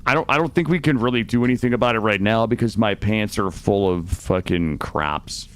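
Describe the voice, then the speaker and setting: A young man streaming a game, chatting casually with viewers, swearing often and swinging between loud remarks and muttering. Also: fairly low pitch, a little fast. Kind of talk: casual gameplay chat with viewers. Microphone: studio microphone.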